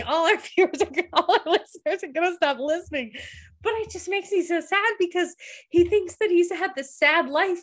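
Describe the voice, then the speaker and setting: Brief: young woman co-host, slightly high voice, talkative and teary, laughs while she cries, into a studio mic. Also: fairly bright tone. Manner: emotional, tearful, laughing through sobs. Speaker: podcast co-host. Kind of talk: casual recap chat. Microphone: studio microphone.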